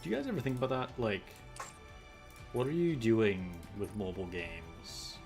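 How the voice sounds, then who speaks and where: A man's voice: on the low side, very animated, normal speed, a little mellow. A man casually chatting on his livestream, rambling and joking, laughing at himself. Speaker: streamer. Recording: faint background music.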